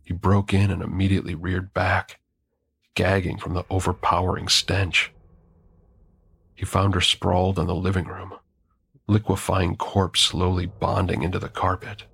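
A man narrates a first-person horror tale in a measured, grim manner, his very deep, gravelly voice carrying a husky, breathy edge. His pitch barely moves, the tone is a bit bright, and the recording is dry.

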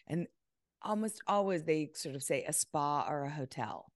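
A woman's voice: deep voice, expressive, moderate pace, no room sound, studio quality. A woman guest on a podcast, speaking confidently and emphatically over a video call, often acting out her clients' words. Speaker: guest decluttering expert. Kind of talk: casual interview chat.

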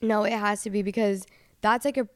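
A young woman co-hosting a podcast, chatting casually and telling stories in a fast, animated way. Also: medium pitch, dry recording, clean studio sound. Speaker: podcast co-host. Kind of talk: casual chat.

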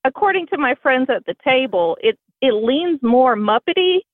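A woman from Indiana with a Southern-sounding accent calls in over a thin, tinny phone line. Her voice sits a little high, and her humor is wry and self-deprecating. The line is dry, with no room echo. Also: animated, moderate pace. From Bloomington, Indiana. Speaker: caller. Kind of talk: phone-in conversation.

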